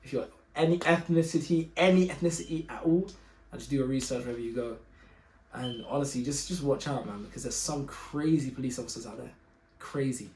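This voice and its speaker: Animated young man in an echoey room. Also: medium pitch, a little hiss or hum. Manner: animated, slangy, exasperated, quick to laugh. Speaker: vlogger telling a personal story. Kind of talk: casual storytime.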